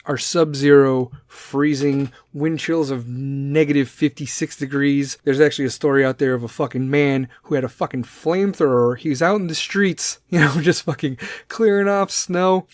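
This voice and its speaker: A man's voice: a little high, steady tone, normal speed, no echo. A man hosting a casual solo podcast, talking bluntly and swearing a lot as he gives his opinions. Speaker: podcast host.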